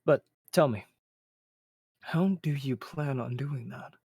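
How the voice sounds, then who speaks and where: A man voicing a calm, kindly mentor with glasses. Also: medium pitch, slight background noise. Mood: friendly. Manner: measured and encouraging, chuckles often.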